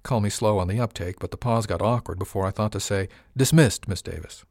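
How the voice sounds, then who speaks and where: Wry male narrator, lowish voice, dry close recording, measured storytelling. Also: fairly even intonation, darkish tone, no echo. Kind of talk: audiobook narration.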